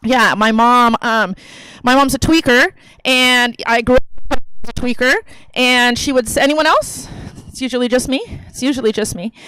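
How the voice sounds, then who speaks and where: A woman's voice: fairly high pitch, normal speed, pushed and bright, smooth, no room sound, low-quality recording. A woman in her thirties performing a profane, brash stand-up comedy set on a theater stage into a handheld mic. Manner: brash, profane, conversational delivery.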